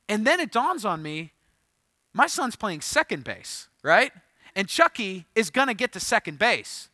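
A man's voice: high-pitched, dry recording. A man in his thirties preaching a sermon, telling a funny story with jokes before reading scripture. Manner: storytelling, animated and joking. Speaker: pastor.

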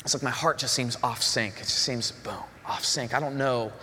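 A man's voice: medium pitch, normal speed, slight background noise. A young adult man preaching a sermon in a church hall, telling stories and acting out what other people say. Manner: animated storytelling, voices others in quotes. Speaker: pastor.

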